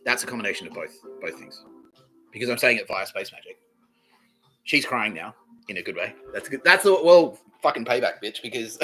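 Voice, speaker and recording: Faint music plays behind a podcast host with a mid-range, slightly bright and breathy voice, speaking briskly with lively intonation. Talking to camera, he rambles through a profane solo monologue that contradicts itself again and again.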